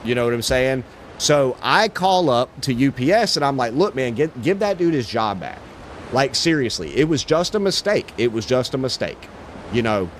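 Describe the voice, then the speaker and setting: A man's voice: mid-range voice, big pitch swings, normal speed. Laid-back male streamer, slangy and profane, over a faint noisy background. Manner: laid-back, swearing, lots of "bro" and "dude". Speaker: livestreamer. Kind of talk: casual chat while gaming.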